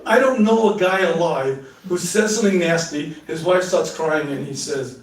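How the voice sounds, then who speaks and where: A middle-aged rabbi answering audience questions in a live talk, animated and joking, often laughing at his own asides. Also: on the high side, moderate pace. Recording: echoey room, mic at a distance.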